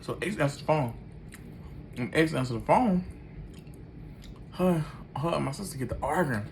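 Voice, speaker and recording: A man's voice: a little high, expressive, moderate pace, creaky, darkish tone, slight background noise. A man animatedly telling a personal story in loose, slangy talk, acting out every line of the dialogue himself.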